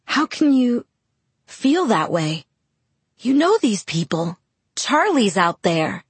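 A woman's voice: on the high side, sing-song, a little slow, a bit bright, slightly rough, no echo, pitched above the performer's own voice, heavily acted. Casting: woman doing a scared but defiant young woman, raised urgent voice, dry close recording. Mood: upset. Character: frightened, pleading young woman, upset and defiant. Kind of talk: audiobook character voice.

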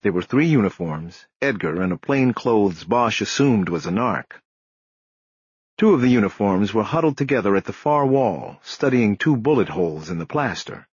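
A man reading a crime novel aloud in measured, expressive scripted narration. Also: on the low side, slightly rough, no echo, dull audio. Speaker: audiobook narrator.

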